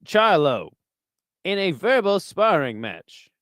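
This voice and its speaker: A pompous older boxing announcer, as a man puts him on, booming in a stretched, theatrical cadence full of lofty words. The voice rides higher than the speaker's own, rising and falling with showy flair. It is recorded close and dry. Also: sing-song, fairly bright tone, no room sound, heavily acted. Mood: grandiose. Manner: drawn-out dramatic cadence, big words. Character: pompous older male boxing commentator, grandiose. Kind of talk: impression.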